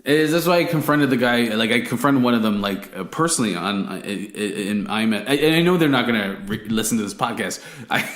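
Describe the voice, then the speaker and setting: A man's voice: mid-range voice, expressive, brisk, hardly any pauses, fairly bright tone, echoey room. A man co-hosting a podcast in casual chat, ranting bluntly with lots of swearing. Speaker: podcast co-host.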